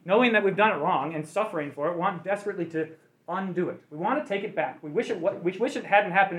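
A man leading a Bible study group, teaching conversationally and asking the class questions. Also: sits high.

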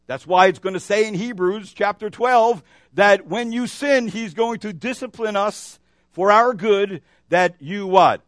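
A man's voice: high-pitched, a little slow, no room sound, studio quality. A male pastor preaching a sermon, moving between emphatic declarations and a casual storytelling manner with frequent fillers. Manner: animated preaching with rising emphasis and storytelling asides.

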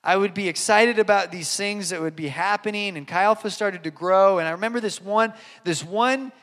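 A man's voice: high-pitched, moderate pace, a bit bright, long reverb tail. A man preaching a sermon, earnest and emphatic, repeating key lines and telling stories. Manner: earnest, emphatic repetition, storytelling. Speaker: pastor.

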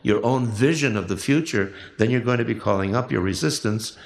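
A man leading a workshop and giving measured, reflective spoken instructions for a recorded exercise, often restarting his phrases. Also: on the low side, vocal fry, reverberant. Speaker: workshop leader.

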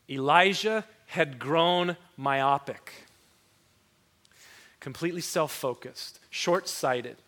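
Male preacher, high pitch, animated sermon delivery with punchy rhetorical questions. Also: unhurried. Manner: animated, swings between loud rhetorical questions and quiet scripture reading; mock-mopey voice when quoting a complaining prophet.

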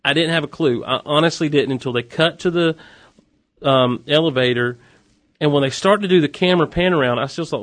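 A man hosting a podcast, casually recapping a TV episode with animated, wry asides. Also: fairly high pitch, brisk, no echo.

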